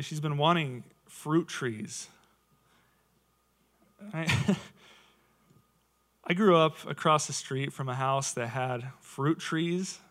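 A man's voice: fairly high pitch, a bit bright. Conversational man giving a sermon. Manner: conversational, with rhetorical questions and laughs. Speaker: lay preacher. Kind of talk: casual sermon.

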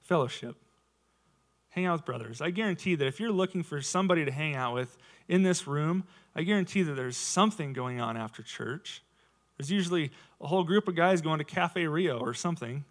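A man's voice: fairly high pitch, expressive, a little fast. A man in his thirties giving a casual, conversational sermon to his church, full of rhetorical questions. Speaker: lay preacher.

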